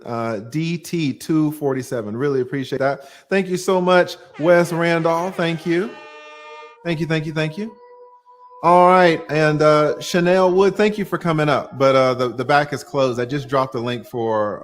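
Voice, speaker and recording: A middle-aged man, an attorney hosting a livestream, talking bluntly and emphatically, swearing freely and pushing his voice toward a shout when challenged. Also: on the high side. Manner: raises voice to near-shouting when provoked. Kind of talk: heated livestream talk.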